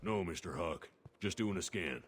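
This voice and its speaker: A clipped, deep-voiced security guard. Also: male voice, animated, moderate pace, slight background noise. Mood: deferential. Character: deferential male security guard.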